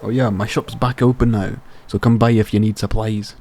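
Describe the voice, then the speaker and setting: A man's voice: on the low side, flat delivery, normal speed, darkish tone, slight background noise, lightly acted. A man voicing a friendly old male fisherman in a put-on Scottish accent, with a hearty sailor delivery.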